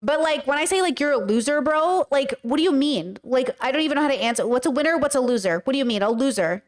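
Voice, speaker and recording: A woman's voice: sits high, lively intonation, quick pace. A woman hosting a reaction commentary, talking to her chat in a heated, profane rant. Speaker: commentary host.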